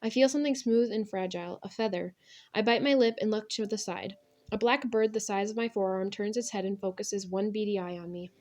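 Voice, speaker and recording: A young woman narrating an audiobook in the first person, with an expressive, intense, dramatic delivery. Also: medium pitch, a little fast.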